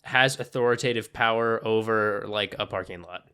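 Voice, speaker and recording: A young man co-hosting a podcast in casual chat, animated and swearing often as he tells stories. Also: lowish voice, smooth. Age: young adult. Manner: animated, swears a lot, quick storytelling. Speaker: podcast co-host.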